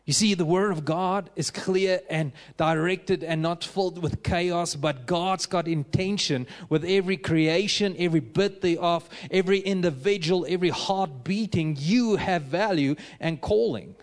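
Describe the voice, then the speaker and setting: Man, preacher, high voice, emphatic fervent sermon. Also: normal speed, few pauses. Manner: emphatic, rising to fervent exhortation.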